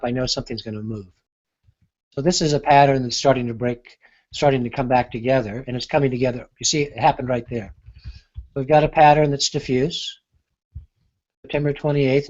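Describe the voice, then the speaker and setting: A man giving an unscripted software demonstration, thinking aloud with frequent pauses and fillers. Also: mid-range voice, highs cut off. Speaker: market analyst demonstrating software. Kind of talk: unscripted screen-share demo.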